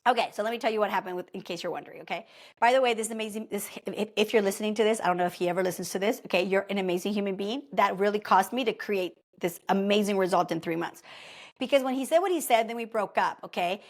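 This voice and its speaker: A woman in her thirties hosting a podcast, telling a personal story in a casual motivational monologue, chatty and animated, peppered with "like" and "okay?". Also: mid-range voice, fast talker. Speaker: podcast host.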